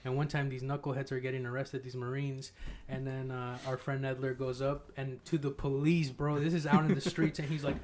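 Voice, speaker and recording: A man's voice: medium pitch, level tone, fairly quick, a little mellow. A man in his thirties hosting a casual chat, telling crude stories with lots of swearing and laughter. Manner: profane, laughs through his own stories. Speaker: podcast host.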